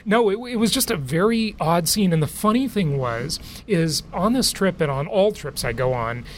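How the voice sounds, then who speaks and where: Chatty guy host, slightly high voice, bit of background hum. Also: expressive, normal speed. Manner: chatty storyteller, laughs often. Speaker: podcast host. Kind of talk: casual chat and interview.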